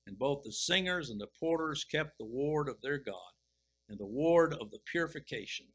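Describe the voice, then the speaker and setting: A middle-aged man preaching, reading scripture slowly and deliberately, then commenting with emphatic swells. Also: medium pitch, expressive, rough recording. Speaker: pastor. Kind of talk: expository sermon reading and explaining scripture.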